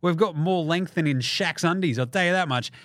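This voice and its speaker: A man's voice: a little high, fairly bright tone, dry recording, clean studio sound. Sweary Australian man, podcast host. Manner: sweary, jokey, mimics people in quick put-on voices. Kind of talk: casual sports podcast monologue.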